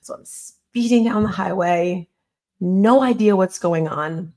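A woman's voice: mid-range voice, takes it slowly, a little mellow. A middle-aged woman, an interview guest and author, earnestly retelling a personal story in a conversational way and acting out the dialogue.

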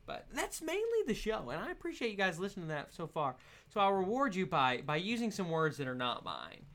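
A man hosting a casual solo podcast, rambling and laughing his way through his points. His pitch swoops up and down in a lively way. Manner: giggly, animated, rambling with fillers and laughs. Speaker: podcast host.

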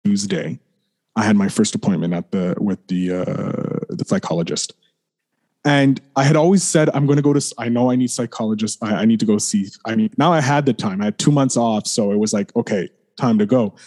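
A man with a fairly low, mellow, unhurried voice tells his story as a podcast guest. He rambles, fills gaps with "like", restarts his sentences, and sometimes swears and then apologizes. On the painful parts his voice sinks lower and quieter. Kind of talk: candid personal storytelling.

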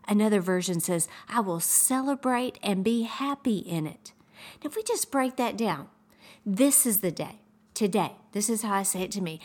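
A woman's voice: mid-range voice, animated, moderate pace. Upbeat lady podcast host, encouraging devotional talk, drops to a whisper sometimes, midrange voice. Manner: warm, upbeat, encouraging, with soft whispered asides.

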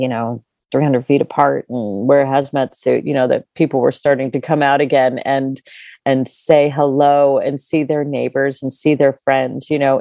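A woman's voice: very deep voice, gravelly, warm tone, dry recording, clean studio sound. A middle-aged woman who owns a bookstore, chatting in an interview with enthusiasm, full of fillers and restarts. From California. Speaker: bookstore owner. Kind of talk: casual interview chat.

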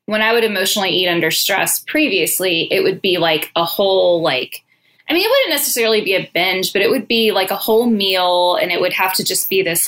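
A woman's voice: mid-range voice, fairly bright tone. A woman in her thirties chatting casually as a podcast host, sprinkling in "like" and laughing easily. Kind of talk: casual chat.

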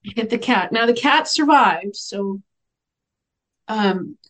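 Woman telling an animated story. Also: a little high, slow pace. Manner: animated, acts out the dialogue in her stories. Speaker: guest, animal communicator. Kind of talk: storytelling in a podcast interview.

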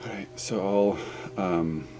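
Man, tabletop player, very low voice, hesitant, faint music. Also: fairly even intonation, slow pace, warm tone. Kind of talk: tabletop game banter.

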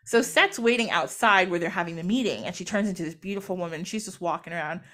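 A woman's voice: lowish voice, fast talker, a bit bright. A young woman hosting a podcast, casually retelling a myth in slangy modern quotes and laughing often. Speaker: podcast host. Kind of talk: casual storytelling.

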